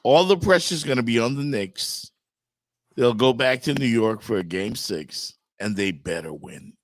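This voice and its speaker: A man hosting a sports talk show, his pitch swinging widely as he pushes his opinions. The sound is dry and close. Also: a little slow, no echo. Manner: lively, emphatic opinions.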